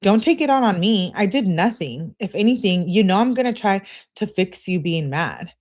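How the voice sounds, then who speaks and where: A woman's voice: lowish voice, lively intonation, normal speed, a little mellow. A woman reading as an exasperated teenage girl. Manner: complaining, exasperated. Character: upset teenage girl, clingy and indignant. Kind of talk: reading text messages aloud.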